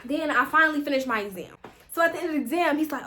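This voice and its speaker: A young adult woman vlogger telling a casual storytime, animated and exasperated, full of slang. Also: sits high, rapid-fire.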